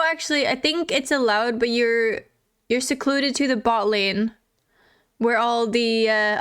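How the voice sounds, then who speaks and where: A woman's voice: fairly high pitch, fairly bright tone, clear, resonant tone. A woman streamer in casual live chat, giggly and chatty, reading and answering chat.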